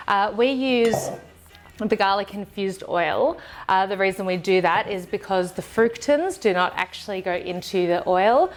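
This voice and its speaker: A woman's voice: mid-range voice, measured pace. A woman co-hosting a casual cooking chat in her home kitchen, explaining each step plainly with fillers and the odd giggle. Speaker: cooking show co-host.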